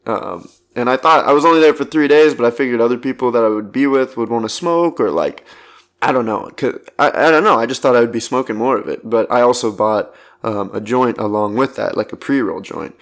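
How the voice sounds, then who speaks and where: A man's voice: medium pitch, fairly quick, a bit bright. A young man telling a casual personal anecdote, rambling with lots of "like" fillers and frequent laughs. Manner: rambling, full of "like" fillers, laughing between lines. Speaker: storyteller.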